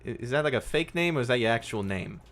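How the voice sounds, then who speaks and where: A man putting on a halting, guarded young woman. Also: mid-range voice, expressive, a bit bright, pitched above the performer's own voice, close to an everyday voice. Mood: hesitant. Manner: halting, hesitant.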